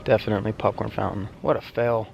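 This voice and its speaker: A man hosting a casual outdoor vlog at a campsite bonfire, joking and exclaiming loudly. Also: lowish voice, fast, vocal fry, lo-fi sound, a little hiss or hum. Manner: excitable, joking, loud exclamations. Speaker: vlog host.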